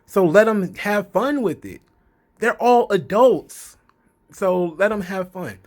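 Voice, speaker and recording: A man with a drawl recaps the news in a loose, casual commentary voice. His tone sits slightly high for a man, and he keeps breaking into laughter and tossing in profanity. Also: lively intonation, slow pace, a little mellow. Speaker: commentary vlog host.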